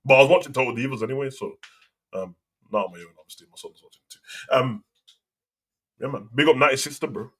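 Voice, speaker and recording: A man's voice: mid-range voice, fast talker, long pauses, a bit bright, breathy edge. A man hosting a live wrestling talk show, chatting in a slangy, opinionated way. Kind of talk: casual live reaction chat.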